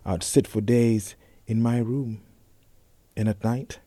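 A young man telling a personal story in a slow, intense spoken-word reading, often sinking to a whisper. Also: lowish voice, steady tone, mellow, dry recording. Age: young adult.

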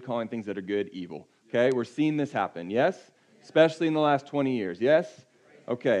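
Conversational male preacher. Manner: conversational preaching, often dropping to a low quiet voice for emphasis. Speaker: pastor. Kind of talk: sermon.

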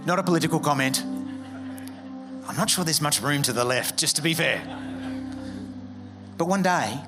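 A man's voice: fairly high pitch, lively intonation, normal speed, music in the background. A man preaching a sermon as a pastor, conversational and joking, acting out quoted voices. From Australia.

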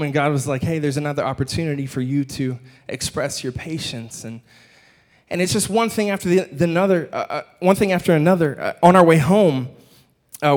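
A man preaching from a church stage with a somewhat high voice, slipping easily from scripture into lively stories about his own week. He keeps the tone light and jokey. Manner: animated, jokey storyteller. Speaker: pastor. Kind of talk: sermon with personal storytelling. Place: church stage with a screen behind.

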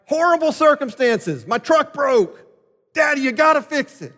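A man's voice: very high-pitched, sing-song, moderate pace, bright, forceful tone, pitched above the performer's own voice, full character voice. A man preaching voices a whiny eight-year-old boy begging his father to fix a broken toy, in a big reverberant hall. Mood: wailing. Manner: whiny, pleading.

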